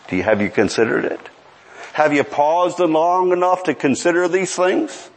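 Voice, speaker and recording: High-voiced preacher guy, very animated, firing off questions at the crowd. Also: moderate pace. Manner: animated, rhetorical questions, pleading. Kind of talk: sermon with storytelling.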